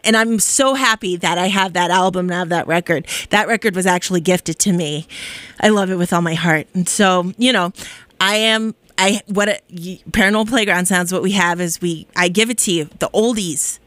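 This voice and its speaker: A woman's voice: lowish voice, moderate pace, fairly bright tone, no room sound. A woman radio DJ chatting on air in a bubbly, rambling, effusive way. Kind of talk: casual radio chat.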